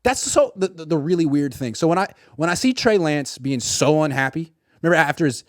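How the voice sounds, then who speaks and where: A man's voice: fairly high pitch, animated, fairly quick, no room sound, studio quality. A man giving a sarcastic sports commentary monologue and acting out imagined dialogue.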